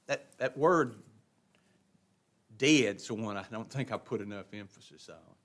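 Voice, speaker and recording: A man's voice: medium pitch, takes it slowly, a bit bright. A man teaching an adult Bible class verse by verse, in a folksy, emphatic preaching manner that repeats words for stress.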